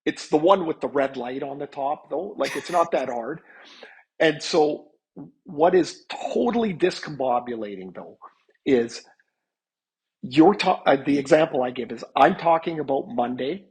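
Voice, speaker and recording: Husky-voiced chatty man telling stories. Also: medium pitch, lively intonation, normal speed, poor audio. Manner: chatty, many restarts and fillers. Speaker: guest, hockey analyst. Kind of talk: storytelling in a podcast interview.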